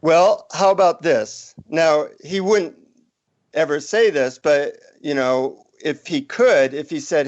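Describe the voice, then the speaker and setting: A man, an author guest in a podcast interview, explaining ideas and telling an anecdote with lively acted-out quotes. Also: on the high side, slow, muffled recording. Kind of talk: conversational interview storytelling.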